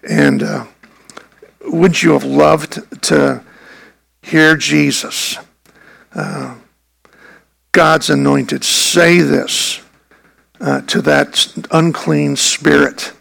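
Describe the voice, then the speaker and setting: A man, a pastor, preaching a sermon earnestly and emphatically, with a gravelly voice. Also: fairly high pitch, fairly even intonation, drawn-out words, long pauses, fairly bright tone, low-quality recording.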